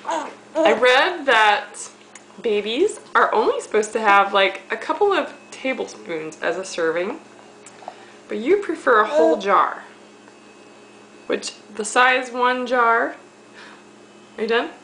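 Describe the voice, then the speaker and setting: A woman's voice: fairly high pitch, lively intonation, slow pace, long pauses, a bit bright, slight background noise. A young woman cooing at her baby in sing-song baby talk while feeding him on a home video camera. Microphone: handheld camera mic.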